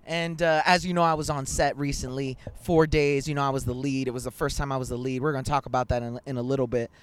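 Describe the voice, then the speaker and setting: A young man hosting a casual podcast over a video call, telling stories in an animated, slangy way and swearing a lot. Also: medium pitch, fast talker, clean tone. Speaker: podcast host. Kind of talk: casual chat.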